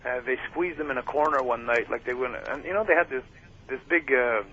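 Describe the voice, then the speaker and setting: A man's voice: mid-range voice, a little fast, sharp tone. A man guest telling wrestling stories in a loose, rambling way, full of fillers and laughter. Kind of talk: casual storytelling interview. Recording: muffled radio broadcast with faint hiss.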